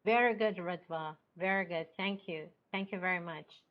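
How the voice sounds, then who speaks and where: A woman's voice: lowish voice, normal speed. A woman teacher trainer giving a lecture, explaining step by step and often checking in with "okay?". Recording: dull lo-fi recording.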